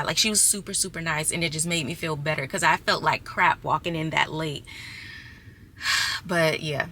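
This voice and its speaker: In a casual storytelling vlog, a young woman who is six months pregnant chats to her "y'all" viewers with exasperation. Her deep voice is steady and sharp at normal speed, and a bit of hiss or hum is audible.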